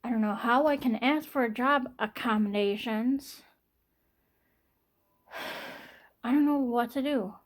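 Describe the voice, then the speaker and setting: Young woman vlogger, slightly high voice, halting and repetitive, sighs a lot. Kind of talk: personal vlog monologue.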